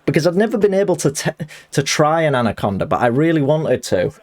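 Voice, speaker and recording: A man chatting excitably and jokily while streaming a fighting game live. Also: a little high, quick pace. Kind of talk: live gaming commentary.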